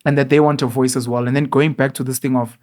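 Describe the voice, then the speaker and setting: A man's voice: mid-range voice, little pitch movement, quick pace, darkish tone. A man hosting a conversational interview, asking questions and reading search results aloud. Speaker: podcast host.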